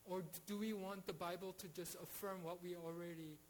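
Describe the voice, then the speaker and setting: A man's voice: high-pitched, fairly even intonation, fairly quick, slight background noise, poor audio. A man teaching a Bible study in an earnest way, with frequent restarts and rhetorical questions.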